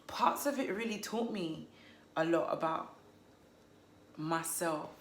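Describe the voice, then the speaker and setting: A woman's voice: lowish voice, takes it slowly, slight background noise. Chatty woman reviewing a book. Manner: chatty, playful, laughs at herself. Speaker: book vlogger. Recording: roomy echo.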